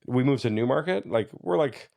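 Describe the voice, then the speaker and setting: A man in his thirties, a comedian guest telling stories in lively, casual podcast chat and often checking in with "you know what I mean.". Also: mid-range voice, a little fast, gravelly, no echo. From Canada, Ontario. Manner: animated storyteller who slips into voices, says "you know what I mean" often.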